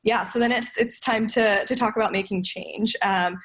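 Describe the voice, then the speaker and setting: A woman's voice: medium pitch, steady tone, normal speed. Earnest woman talking through ideas. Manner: thoughtful, earnest, many fillers and restarts. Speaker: podcast guest, sales development manager. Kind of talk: casual podcast conversation.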